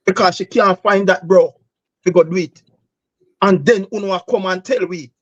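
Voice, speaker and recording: A man's voice: sits high, moderate pace, pauses often, no room sound, lo-fi sound. A Jamaican man hosting a political talk show, speaking passionately and emphatically in patois-laced English, often calling listeners "bro.". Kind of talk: heated political commentary.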